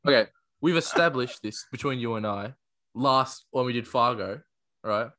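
Bright-voiced man swearing in casual chat. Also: mid-range voice, normal speed, dry recording. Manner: profane, joking, teasing. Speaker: podcast co-host.

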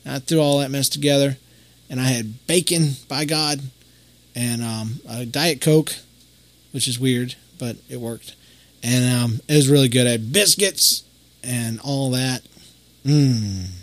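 A man's voice: mid-range voice, unhurried, no room sound. A middle-aged man, hosting a podcast and telling stories in a rambling, folksy way with many fillers. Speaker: podcast host. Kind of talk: casual storytelling monologue.

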